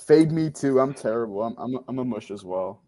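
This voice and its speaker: A man's voice: mid-range voice, expressive, a little fast, mellow. A man co-hosting a casual sports podcast, self-mocking as he explains betting slang. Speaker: podcast co-host.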